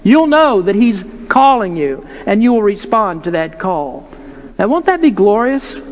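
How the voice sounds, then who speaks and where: A man's voice: sits high, sing-song, unhurried. A man preaching an earnest, emphatic sermon, posing rhetorical questions to his listeners. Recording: long hall reverb.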